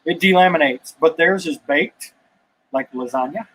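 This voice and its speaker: Husky-voiced man joking on a live stream. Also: fairly high pitch, moderate pace, a bit bright, low-quality recording. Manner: joking, easygoing. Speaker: co-host reading viewer comments. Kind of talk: casual live-stream chat. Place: home garage.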